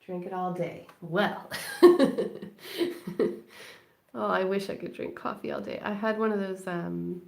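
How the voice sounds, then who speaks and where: A woman's voice: mid-range voice, fairly even intonation, measured pace, vocal fry, pauses often, darkish tone. A woman hosting a late-night crafting live stream from home, rambling and chatty and laughing often. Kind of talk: late-night casual chat while crafting. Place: at home indoors.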